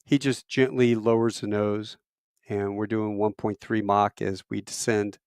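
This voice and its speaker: Animated middle-aged man telling a story. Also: measured pace, smooth, no echo, clean studio sound. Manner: animated, acts out quoted voices with big pitch jumps; self-deprecating, rambling with fillers. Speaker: military veteran storyteller. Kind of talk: casual storytelling.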